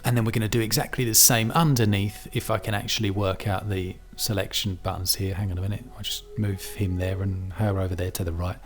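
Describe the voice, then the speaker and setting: A man's voice: on the low side, steady tone, a little fast, few pauses, soft background music. A man teaching English word stress in a chatty, self-deprecating demonstration, thinking aloud as he works through a virtual reality app. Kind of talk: demonstration tutorial.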